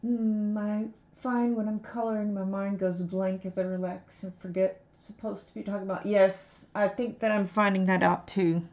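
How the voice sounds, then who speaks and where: A woman's voice: medium pitch, fairly even intonation, normal speed, hardly any pauses, a little mellow, highs cut off. A woman from Texas chatting casually on stream while coloring, rambling and self-deprecating.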